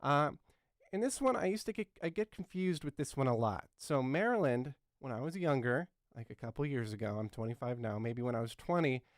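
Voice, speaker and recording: A man's voice: medium pitch, dry recording, studio quality, lightly acted. A man in his twenties playing an earnest, clueless talk show host who rambles and fills his talk with ums and uhs. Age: 20s. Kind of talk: satirical talk show comedy.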